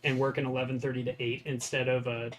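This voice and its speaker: A man co-hosting a board game stream in relaxed casual chat, making dry joking asides. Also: medium pitch, fast talker, slight background noise.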